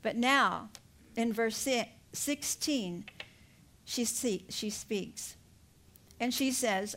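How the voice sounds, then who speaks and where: A woman's voice: fairly high pitch, takes it slowly. An older woman preaching a sermon, retelling a story with laughs and then pressing her point with emphatic exhortation.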